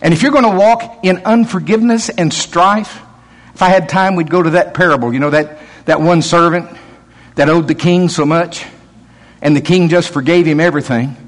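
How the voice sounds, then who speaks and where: A man's voice: fairly high pitch, moderate pace. A man preaching a sermon, telling stories with acted-out quotes and chuckles.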